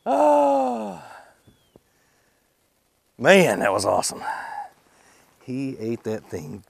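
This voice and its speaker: A man hosting a fishing video from a boat outdoors, excitable and quick to laugh, talking to the fish as he reels them in. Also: on the low side, gravelly, slightly rough, no room sound. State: out of breath.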